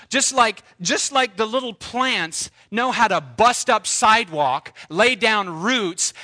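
A man preaching a sermon, shifting between playful ironic warnings and rising, exclaimed highs, with hushed asides in between.

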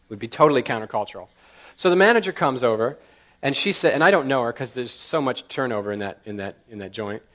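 A male preacher with a mid-range voice tells stories from the pulpit. He acts out each exchange with lively, jumping voices and chuckles at his own humor. Animated and conversational in tone. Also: mid-range voice, fast. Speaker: pastor. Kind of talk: storytelling sermon.

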